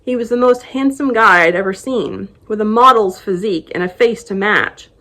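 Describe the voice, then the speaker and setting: A woman reads a novel excerpt aloud in the first person. Her voice sits in a middle pitch, and her storytelling is expressive as she narrates the scene. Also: moderate pace. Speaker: book blogger.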